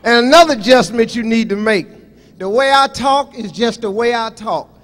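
A man's voice: extremely high pitch, moderate pace, fairly bright tone. A man doing a live stand-up comedy set, brash and profane, boasting and scolding the crowd. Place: live comedy show on stage.

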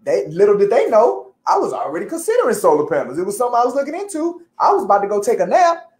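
A woman co-hosting a casual chat, talking in a playful, slangy, lively way. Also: medium pitch, fast talker, roomy sound. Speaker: co-host.

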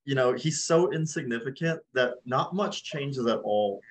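A man's voice: mid-range voice, animated, unhurried. A man, an actor guest, joking in a self-mocking way in casual chat.

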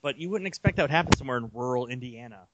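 A young man co-hosting a casual sports podcast, telling long rambling stories with animated energy. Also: medium pitch, very fast, muffled recording, heavy background noise. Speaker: podcast co-host.

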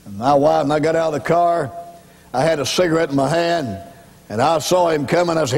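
A man's voice: fairly high pitch, a little fast, darkish tone, in a large hall. A man preaching his testimony as an evangelist, telling his story dramatically and speaking straight to the congregation. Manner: dramatic storytelling, acts out voices; emphatic, addresses congregation directly. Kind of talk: sermon testimony.

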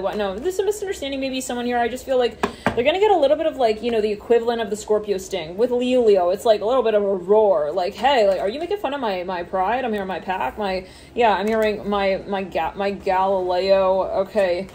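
A woman's voice: medium pitch, dark tone, slight background noise. A woman giving a casual tarot reading, rambling with many fillers and swearing offhandedly. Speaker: tarot reader.

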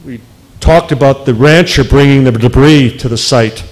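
A man speaking as a researcher in a public lecture, emphatic, with deliberate pauses. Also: mid-range voice, low-quality recording.

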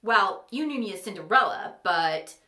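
A woman voicing a feisty, indignant young woman in a storybook reading, with a sharp manner. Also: mid-range voice, expressive, moderate pace, echoey room.

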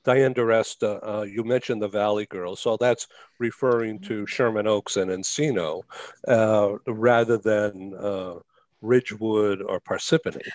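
A man's voice: on the low side, fairly even intonation, a little slow, a little mellow, no echo. A man hosting a talk show, interviewing guests over a video call and asking questions hesitantly, with many fillers.

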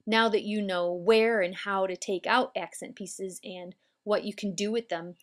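A woman calmly explaining hair braiding steps as an instructor, patient and methodical. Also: medium pitch, a little slow. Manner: calm, patient, step-by-step explaining. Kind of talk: instructional demonstration.

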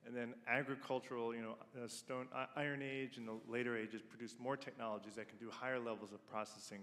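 A man's voice: medium pitch, a bit bright. A man in the audience politely asking a tentative question at a conference. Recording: reverberant hall.

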